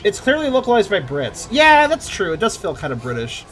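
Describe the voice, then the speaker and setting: A man's voice: high-pitched, big pitch swings, a little fast, few pauses, a bit bright, a little hiss or hum. A man giving casual, chatty let's-play commentary, swearing and joking as he plays. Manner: chatty, swears, laughs easily. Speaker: gamer.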